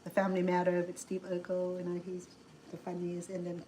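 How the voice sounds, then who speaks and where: A woman's voice: fairly low pitch, completely flat delivery, brisk, warm tone, a little hiss or hum, low-quality recording. A middle-aged woman with a Cambodian accent, chatting casually as a cooking show host, rambling with many restarts and fillers. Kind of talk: casual chat.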